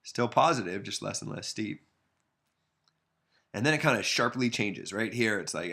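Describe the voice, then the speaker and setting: A man with a low, gravelly voice talks through a math problem in a loose, unpolished way. He thinks aloud as he sketches a graph, and he pokes fun at his own drawing as he goes. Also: moderate pace, long pauses. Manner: relaxed, self-deprecating, thinks aloud while sketching. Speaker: math instructor. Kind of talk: casual recorded math lesson.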